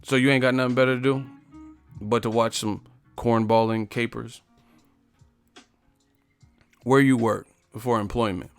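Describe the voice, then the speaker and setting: A man's voice: medium pitch, steady tone, measured pace, long pauses, smooth, faint music behind. A man hosting a live stream, confrontational and profane as he roasts the commenters in his chat. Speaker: livestream host.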